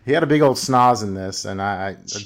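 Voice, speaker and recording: A man with a fairly low voice chats casually about films as a podcast host. He rambles, circling back with "um" and "like" and restarting his sentences as he thinks aloud. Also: fairly quick, a crowd in the background. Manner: rambling, full of fillers and restarts. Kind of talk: casual film discussion.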